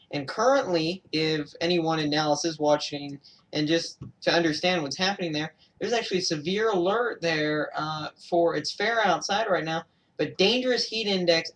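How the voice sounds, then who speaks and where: A man's voice: on the high side, fairly bright tone, distant mic. A young man from Georgia giving a casual weather update on a livestream, hesitant, with many fillers and self-corrections. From Georgia, USA. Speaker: amateur weather broadcaster.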